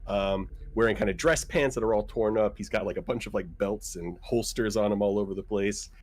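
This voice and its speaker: Male player, slightly low pitch, rambling and jokey, casual chat. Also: a little fast. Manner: joking, rambling with laughs. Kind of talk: casual chat describing his character.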